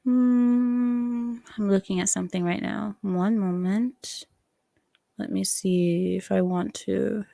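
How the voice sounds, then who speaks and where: A woman's voice: mid-range voice, fairly even intonation, slow pace, creaky, dark tone, no room sound. A woman hosting a casual news commentary chat, sarcastic and digressive, often laughing at her own asides. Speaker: online commentary host.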